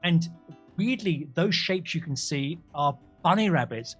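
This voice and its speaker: Aussie guy gm'ing a dnd stream, rambly, lots of um and restarts, pitch all over. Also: lively intonation, a little slow, a bit bright, husky, faint music behind. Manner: rambling, self-correcting, jokey. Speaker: game master. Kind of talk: narrating a tabletop game live.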